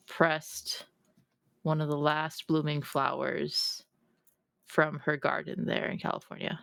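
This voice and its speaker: A woman playing a tabletop game, describing her character in a thoughtful, hesitant way with many pauses. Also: deep voice, gravelly, dry recording. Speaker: player.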